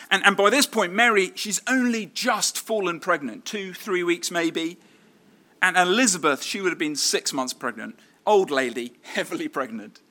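Bright-voiced man preaching a sermon. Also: fairly high pitch. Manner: conversational with fillers and restarts.

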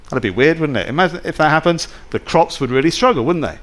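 Lively male preacher. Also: a little high, fast talker. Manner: conversational, full of rhetorical tag questions. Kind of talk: sermon.

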